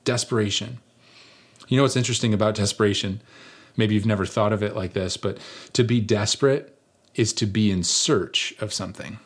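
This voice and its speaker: A middle-aged man preaching, telling a personal story in a conversational, animated way with rhetorical questions. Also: on the low side, brisk, breathy edge. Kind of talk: sermon storytelling.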